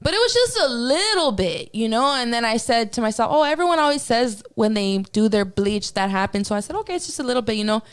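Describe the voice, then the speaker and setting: A woman sits as a podcast guest and tells a story in loose, casual talk. She swears freely and acts out her own gasps and reactions. Her voice sits a little high. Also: big pitch swings, fast, hardly any pauses, clean tone.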